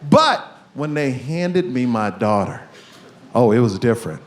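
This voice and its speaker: A man in his thirties doing a stand-up comedy set on a club stage, with animated, punchy delivery and shouted punchlines. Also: mid-range voice, measured pace. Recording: echoey room with background noise.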